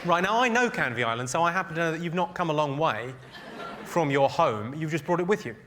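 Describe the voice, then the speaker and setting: A man doing stand-up, roasting the audience with a deadpan, teasing delivery on stage. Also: on the high side, quick pace, very noisy. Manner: deadpan, teasing crowd work. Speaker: stand-up comedian. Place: live theatre with an audience. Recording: loud audience laughter behind.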